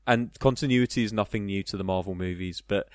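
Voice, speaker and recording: A man's voice: on the low side, brisk, no echo, studio quality. A man co-hosting a casual film podcast, rambling with many fillers and laughing at the jokes. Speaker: podcast co-host.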